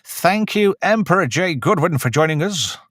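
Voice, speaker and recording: A man hosting a casual podcast, relaxed and chatty as he thanks guests and viewers. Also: a little high, moderate pace, no room sound, studio quality. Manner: relaxed, chatty sign-off patter. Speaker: host.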